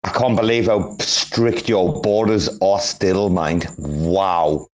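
A man's voice: low voice, fairly even intonation, slow. A man in his forties, rambling and swearing freely in a casual group audio chat, with frequent restarts. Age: 40s.

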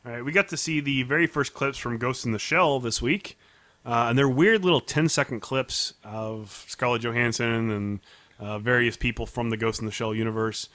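A man's voice: mid-range voice, normal speed, pushed and bright, dry recording. A man co-hosting a casual podcast, telling stories and laughing often. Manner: chatty storyteller, laughs often. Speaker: podcast co-host. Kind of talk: casual chat.

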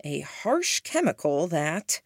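Audiobook narrator: woman, lowish voice, measured first-person read, dry close sound. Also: very animated, no room sound.

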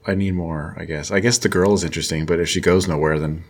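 A man with a fairly low voice co-hosting a podcast. He sounds laid-back and a bit wry, with dry throwaway asides. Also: steady tone, fast talker. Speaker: podcast co-host. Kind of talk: casual chat.

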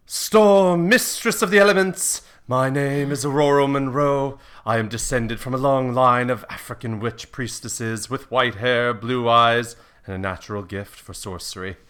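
A man's voice: medium pitch, unhurried, hardly any pauses, a bit bright, smooth, natural voice. A man voicing a proud female superheroine who commands the weather, in a grand, declaiming way. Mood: grandiose.

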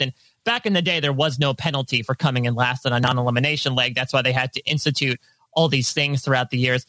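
A man on a podcast panel, talking through ideas in a quick, rambling analytical way. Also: mid-range voice, pushed and bright, no echo. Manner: quick analytical rambling, quotes hypothetical thoughts. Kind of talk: casual podcast discussion.

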